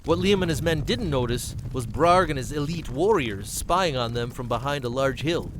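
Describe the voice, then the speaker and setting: A man narrating an amateur fantasy story in a plain, steady way. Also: medium pitch, moderate pace, a little hiss or hum, low-quality recording.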